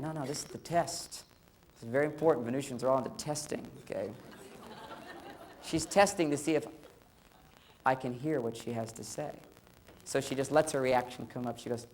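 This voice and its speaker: A middle-aged man holding forth in a lively seminar talk about relationships, explaining with humor. He talks straight to his listeners in a conversational way. He drops into little acted voices for husbands and wives. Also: mid-range voice, brisk, a little hiss or hum. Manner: animated, acts out spouses' lines in quoted voices; conversational, addresses listeners directly. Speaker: relationship lecturer.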